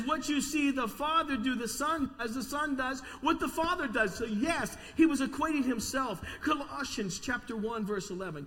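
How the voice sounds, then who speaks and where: A man preaching a sermon to a congregation in a church, energetic with call-and-response. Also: extremely high pitch, long reverb tail. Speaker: pastor. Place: church sanctuary.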